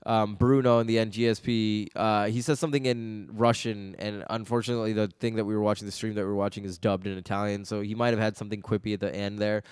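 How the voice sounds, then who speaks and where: A man's voice: on the low side, level tone, quick pace, few pauses, a little mellow, clear, resonant tone, no room sound, studio quality. A man co-hosting a casual movie-review podcast, laid-back, swearing freely and laughing often. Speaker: podcast co-host.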